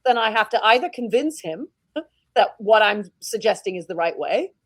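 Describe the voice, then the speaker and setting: A British head teacher, a woman, telling stories in a casual interview, outspoken and animated. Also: mid-range voice, normal speed, no echo. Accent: British English. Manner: outspoken, animated storytelling with laughs.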